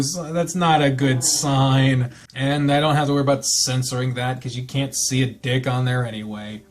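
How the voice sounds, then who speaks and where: A man playing a visual novel aloud, calm while reading and loud, swearing reactions in between. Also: medium pitch, normal speed, few pauses. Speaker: game player.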